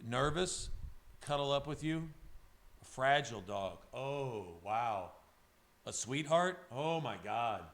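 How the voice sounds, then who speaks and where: A man's voice: medium pitch, animated, slow. A man livestreaming from his home studio, talking casually and emotionally to his viewers, rambling and swearing as he goes. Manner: rambling, profane, emotional, talks to chat by name. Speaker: livestreaming airbrush artist.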